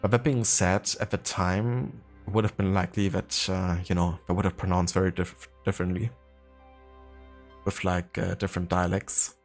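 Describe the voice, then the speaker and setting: A man's voice: deep voice, level tone, normal speed, faint music behind. A man streaming a game live, chatting casually and reading in-game entries aloud with lots of fillers. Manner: rambling, many fillers, reads codex entries aloud.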